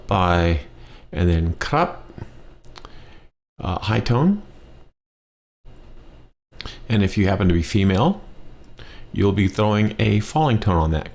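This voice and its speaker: A man teaching a language lesson, patiently repeating words slowly for learners. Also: deep voice, expressive, creaky, a little mellow. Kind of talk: slow spoken language lesson.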